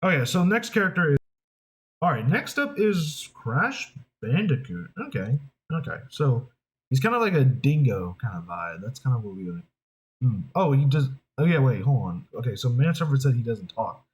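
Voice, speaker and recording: A voice actor talks casually to the camera, thinking aloud and often restarting sentences. Their pitch rises and falls a lot, which keeps the delivery animated. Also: normal speed, poor audio. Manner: rambling, hesitant, with many restarts.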